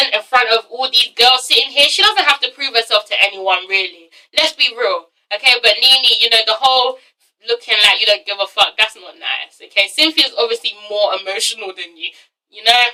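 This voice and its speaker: Sassy woman ranting on her vlog, real bright sharp voice, curses a lot. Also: high-pitched, distant mic, poor audio. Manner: sassy, swears freely, animated asides. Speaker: reality TV reviewer. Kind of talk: casual opinionated commentary.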